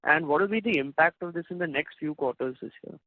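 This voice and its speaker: A man with a slightly higher voice asks questions as an analyst on an earnings call. He is polite and brief, with a few hesitations. The line is dry and thin like a phone. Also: fast talker, no room sound, phone-quality sound.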